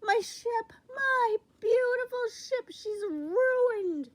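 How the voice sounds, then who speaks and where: A fussy little king wails and huffs in a shrill, high voice, as a woman puts him on. He drags out his complaints slowly, like a storybook royal in a sulk. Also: slight background noise. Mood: whiny. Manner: whimpering, huffy. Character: small fussy king, whiny and tearful.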